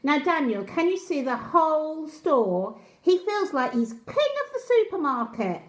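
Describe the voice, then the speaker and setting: A woman storyteller reading a picture book aloud to young children, gently asking them questions. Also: high-pitched, big pitch swings, a little slow. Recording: roomy echo.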